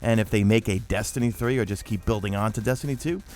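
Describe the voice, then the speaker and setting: A man from New York with a toned-down New York accent, hosting a casual gaming Q&A chat with lots of fillers. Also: fairly low pitch. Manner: animated, fast-talking with many fillers. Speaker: YouTube gaming host.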